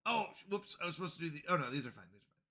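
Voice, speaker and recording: Bright-voiced man chatting on a game stream. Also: a little high, animated, rapid-fire, gravelly. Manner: flustered, apologetic, talks to chat, repeats himself. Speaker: livestreamer. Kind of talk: casual live gaming stream chat.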